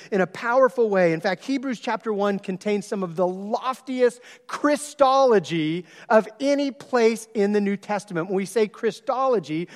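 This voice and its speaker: Animated preaching man in a reverberant hall. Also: high voice. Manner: storytelling, animated, jumps to loud exclaimed quotes. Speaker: pastor. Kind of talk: sermon.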